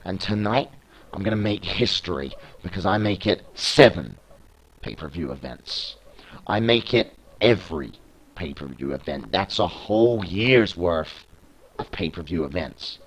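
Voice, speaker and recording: A man's voice: low voice, animated, unhurried, slight background noise, voice pushed down, low-quality recording. A young man voicing a boastful, arrogant male wrestler who brags and taunts his opponent. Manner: bragging, taunting.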